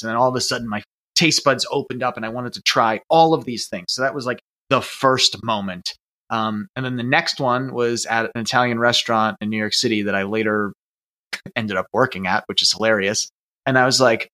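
A man, a guest chef, chatting casually and telling lively stories with acted-out dialogue. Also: mid-range voice, fairly quick. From United States. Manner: lively storyteller, acts out dialogue. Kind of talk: casual chat.

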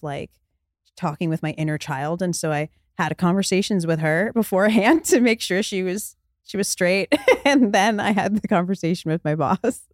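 A woman's voice: lowish voice, a little mellow, dry recording, clean studio sound. A woman who is a singer and vocal coach, chatting in an interview with frequent laughs and a slightly stuffed-up voice. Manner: chatty, laughs often, explains with analogies. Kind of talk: casual interview chat.

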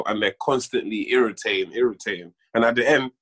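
A man's voice: lowish voice, fairly quick, fairly bright tone, slightly rough. A man, a sketch comedy actor chatting as a podcast guest, joking and mocking himself. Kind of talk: casual podcast chat.

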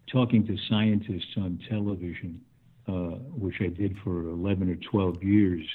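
Older man, low husky voice, phone line. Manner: thoughtful, chuckling, with restarts. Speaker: guest. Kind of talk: conversational interview.

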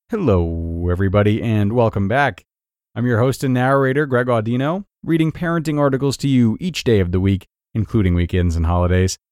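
A man's voice: medium pitch, a little mellow, no echo. Man narrating parenting articles, dry sound. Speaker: podcast host and narrator. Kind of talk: scripted narration, reading articles aloud.

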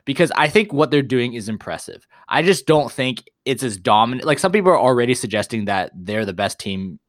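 A man's voice: mid-range voice, animated, brisk, dry recording, clean studio sound. A man co-hosting an esports talk show, chatting casually and often rephrasing and stumbling over his words. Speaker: esports podcast co-host. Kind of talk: casual chat.

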